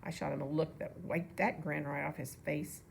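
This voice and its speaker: A woman reading a children's novel aloud in a relaxed way, with casual asides to listeners. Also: low voice, normal speed, gravelly, slight background noise. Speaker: reader.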